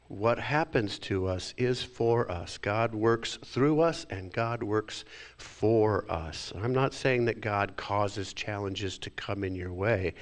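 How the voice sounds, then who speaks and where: Guy giving a sermon, real slow and reflective, lowish voice, sighs and acts out thoughts. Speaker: minister.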